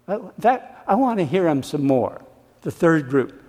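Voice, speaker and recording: A man's voice: fairly high pitch, very animated, normal speed, darkish tone. A man preaching a sermon, emphatic and dramatic, acting out the voices of the people he quotes. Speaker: pastor. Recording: reverberant church hall.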